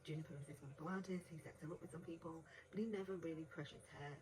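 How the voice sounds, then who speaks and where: A woman's voice: low voice, fairly even intonation, racing, a little mellow, slight background noise, low-quality recording. A woman giving a casual audiobook review in a chatty way, laughing often and acting out quotes in between. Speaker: book reviewer.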